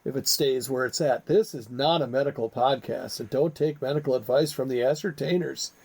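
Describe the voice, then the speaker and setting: A man's voice: medium pitch, brisk, darkish tone, breathy edge. A man co-hosting a comedy podcast, chatting casually with a joking, rambling, teasing manner. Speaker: podcast co-host.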